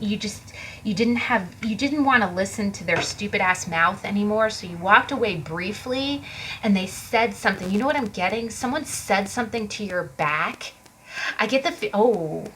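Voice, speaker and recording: A woman doing a casual tarot card reading for viewers, animated and sassy, laughing often and cussing freely. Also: medium pitch, rough recording. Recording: background hiss from mic fault.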